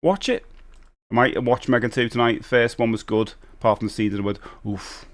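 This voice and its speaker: A man's voice: medium pitch, little pitch movement, fast. A middle-aged man hosting a live stream, chatting casually and rambling as he reads out and answers viewer messages. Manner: chatty and rambling, reading out chat and greeting viewers.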